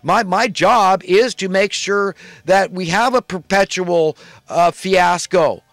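A man's voice: sits high, slow, a bit bright, no room sound. A man putting on the voice of a pompous, self-righteous male politician to mock him. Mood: mocking haughty. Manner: mocking, haughty, raised voice.

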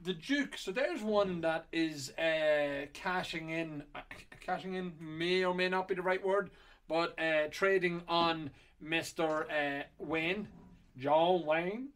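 A middle-aged man chats loosely through a run of auction lots, circling back on himself with ums and uhs. His voice sits a little higher than most men's. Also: takes it slowly, a bit bright, clear, resonant tone. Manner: rambling and chatty with many fillers. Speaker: whiskey auction host. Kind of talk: casual chat previewing auction lots.

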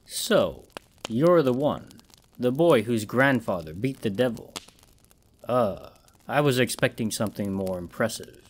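A man voicing a cruel, suave villain with an English accent and a rich, low, dark-edged voice. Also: expressive, a little slow, breathy edge. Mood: menacing, mocking.

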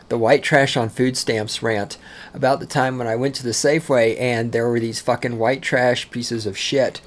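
A man from Texas, hosting a solo podcast from home, ranting angrily and with plenty of swearing and sarcastic asides. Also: medium pitch. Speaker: podcast host. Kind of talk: profane solo podcast rant.

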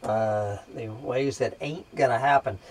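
A man's voice: mid-range voice, measured pace, a little mellow, a little hiss or hum. A man hosting a casual rant video, drawling and hesitant at first, then swearing in frustrated outbursts at his computer. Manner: drawling, hesitant with many fillers. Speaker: vlog host.

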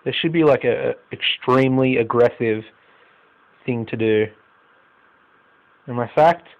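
A young man with an Australian accent, a gaming YouTuber, narrates a football management game live at a measured pace. He veers from low mutters to loud, swearing exclamations, and the audio is dull.

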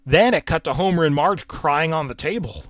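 A man's voice: a little high, lively intonation, normal speed, a bit bright, dry recording. A man reading a horror story aloud, casual and wry, sometimes dropping to a whisper. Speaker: narrator.

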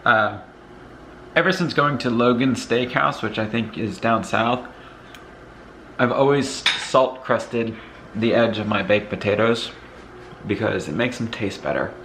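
This rough recording, with slight background noise, features a man whose voice sits on the low side and moves a little slowly. Vlogging casually as he goes between rooms at home, he rambles in a tired, relaxed way full of fillers, his Northeastern US accent clear. His chest sounds congested, with the odd cough.

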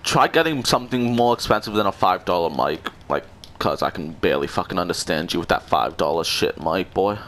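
A man's voice: low voice, lively intonation, a little fast, fairly bright tone, slight background noise. A young man trash-talking other players in online game voice chat, sarcastic, mocking and swearing. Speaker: gamer.

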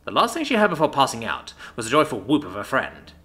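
Animated bright male storyteller. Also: mid-range voice, quick pace. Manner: expressive, animated reading. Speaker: narrator. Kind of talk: story narration. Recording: soft background music.

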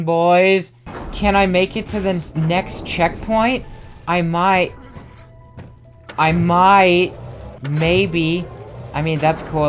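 A young man giving frustrated, self-mocking let's play commentary as a gamer, with excitable outbursts. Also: on the high side, smooth. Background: faint game music.

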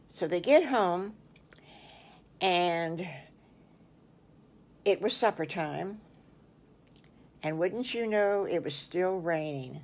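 Older woman, grandmotherly storyteller, very slow, lowish voice, folksy, bedtime-story telling. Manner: folksy, exclaiming "oh my goodness gracious". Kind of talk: improvised children's story narration.

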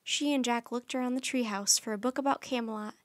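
A woman reading a children's chapter book aloud for storytime, her voice high and light. She tells the story in a gentle, friendly, unhurried way. The recording is dry and close, with no room echo. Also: steady tone.

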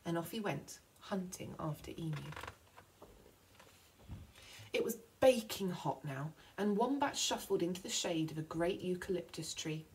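A woman teacher reading a picture book aloud to children, slowing down for effect. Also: lowish voice, slight background noise, rough recording. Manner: expressive storytelling, slowing for effect.

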